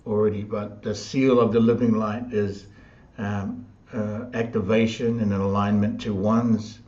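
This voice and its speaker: A man hosting a live online chat, upbeat and quick to laugh. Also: fairly low pitch, a little mellow, roomy sound, lo-fi sound. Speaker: host.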